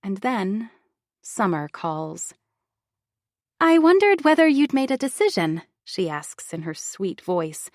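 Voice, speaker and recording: A woman's voice: medium pitch, dry recording, clean studio sound. Woman narrating a first-person audiobook. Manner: expressive, confiding inner-monologue reading.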